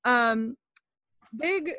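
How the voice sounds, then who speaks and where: A woman's voice: a little high, expressive, very slow, bright, forceful tone, no echo. Bubbly woman with a Northern American accent. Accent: Northern American English. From northern United States. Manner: bubbly, giggly, lots of fillers. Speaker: podcast host. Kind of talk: casual podcast chat.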